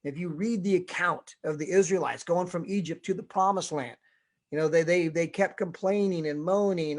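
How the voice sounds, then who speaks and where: A man's voice: a little high, normal speed. A middle-aged man giving a sermon-style motivational talk on a corporate call, telling stories and asking "right?" all the time. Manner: storytelling with frequent tag questions; exhorting, rising emphasis. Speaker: motivational speaker.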